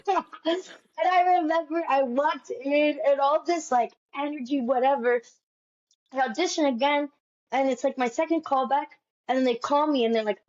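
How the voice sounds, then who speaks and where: Young woman telling a lively story. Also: sits high, moderate pace, muffled recording. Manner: lively storyteller, acts out quoted dialogue. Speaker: guest, stage actress. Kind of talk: storytelling in a casual interview.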